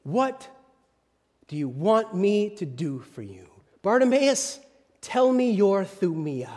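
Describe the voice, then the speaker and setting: Dramatic preacher whispering and rising. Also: male voice, high-pitched, big pitch swings, slow pace, long reverb tail. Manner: dramatic, shifting from loud to whispered. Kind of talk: sermon.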